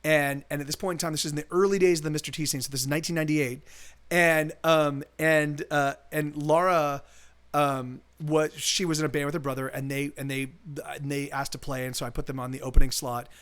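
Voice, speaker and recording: A man's voice: on the high side, steady tone, a little fast, fairly bright tone. A man in his forties, a singer-songwriter streaming live, chatting casually between songs in a rambling way, with many restarts, swearing and laughing. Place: home streaming setup. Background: acoustic guitar.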